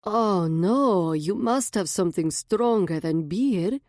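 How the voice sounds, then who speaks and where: A woman's voice: mid-range voice, lively intonation, slow, darkish tone, no room sound, clean studio sound. A woman doing a thick Eastern European fortune-teller. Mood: insistent. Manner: insistent, good-natured. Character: flamboyant older woman in headscarf, fortune-teller type.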